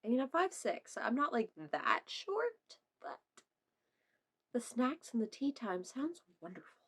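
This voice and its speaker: A young woman vlogs casually while reacting to memes, laughing a lot, swearing, and slipping into playful silly voices. Her voice is high-pitched and husky, with a sing-song lilt and a slightly slow pace.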